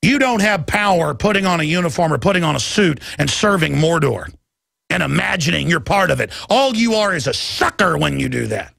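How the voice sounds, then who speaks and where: A man's voice: fairly high pitch, sing-song, fairly quick, creaky, a bit bright, no room sound, studio quality. A man in his thirties hosting a talk radio show, delivering an impassioned, ranting monologue. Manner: impassioned, ranting, mimics others in quoted voices. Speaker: radio host.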